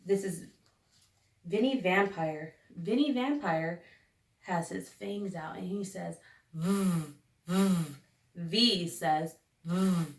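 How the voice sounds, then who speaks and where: A woman teacher leading a phonics lesson for young children, sounding out each letter slowly and deliberately. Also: on the low side. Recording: echoey room, recorded from a distance.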